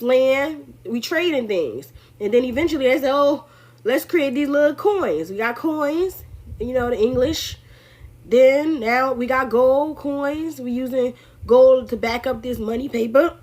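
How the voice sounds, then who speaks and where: A high-voiced woman in her thirties riffs on politics in a loose, chatty monologue. She keeps it lively, slipping into mock voices to act out what others said and laughing along the way. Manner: animated, acts out quotes in put-on voices, laughs often. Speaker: political commentary host. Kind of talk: casual opinion monologue.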